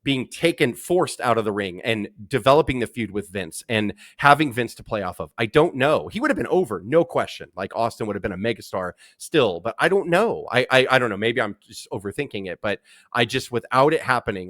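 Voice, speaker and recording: A man hosting a podcast in casual chat, talking in an excited, rambling way with many restarts. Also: mid-range voice, brisk, dry recording, clean studio sound. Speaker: podcast host. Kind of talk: casual chat recapping wrestling.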